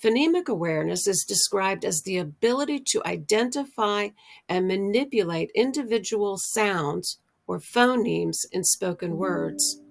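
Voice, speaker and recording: A middle-aged woman with an American accent teaches reading skills at a very unhurried pace. Her voice carries a gravelly fry, and she draws out each example word so it lands clearly. The overall tone is that of a calm instructional explainer. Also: medium pitch. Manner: slow, deliberate, drawn-out example words. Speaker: literacy educator.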